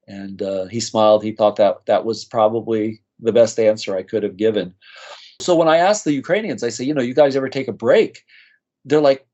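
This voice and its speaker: A man's voice: lowish voice, a little fast, warm tone. Earnest man telling emotional stories. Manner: earnest, emotional storytelling with many restarts. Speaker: nurse practitioner guest. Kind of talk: storytelling in a podcast interview. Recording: slightly dull lo-fi audio.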